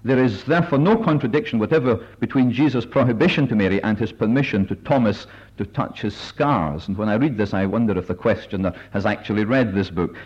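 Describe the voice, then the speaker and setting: A man leading a Bible study meeting, speaking in a careful, measured way with many filler pauses as he reads and explains passages. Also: on the low side, a little mellow, breathy edge. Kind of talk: measured sermon-style talk with readings. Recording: dull lo-fi recording.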